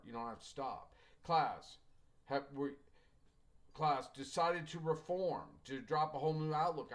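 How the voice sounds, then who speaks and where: A man's voice: a little high, fairly bright tone. Folksy middle-aged male writing teacher. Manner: folksy storyteller, acts out quoted dialogue, joking asides. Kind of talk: classroom lecture with anecdotes.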